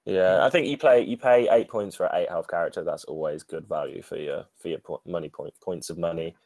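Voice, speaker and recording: On a podcast, a co-host rambles through a casual discussion of a card game, correcting himself and laughing as he goes. His deep, darkish voice runs a little fast, with no echo.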